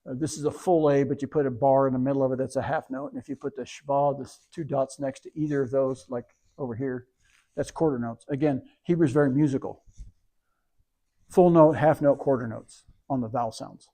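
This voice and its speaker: A service leader and teacher, this man reads from scripture and patiently spells out Hebrew words sound by sound, going letter by letter. His mid-range voice is mellow and moves a little fast.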